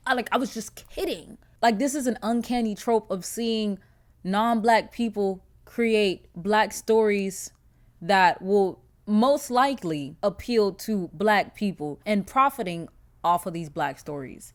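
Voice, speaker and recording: A young woman hosting a podcast, talking in a casual, animated, profane monologue full of filler words. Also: medium pitch, a little slow. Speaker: podcast host.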